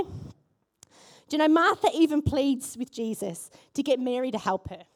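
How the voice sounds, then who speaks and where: Aussie lady pastor giving a sermon, high voice, super animated, lots of questions to the crowd. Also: normal speed. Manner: animated, rhetorical questions to the congregation. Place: church.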